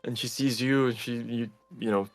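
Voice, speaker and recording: Halting man narrating a tabletop game. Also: medium pitch, fairly even intonation, dry recording, faint music behind. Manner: halting, full of fillers. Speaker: game master.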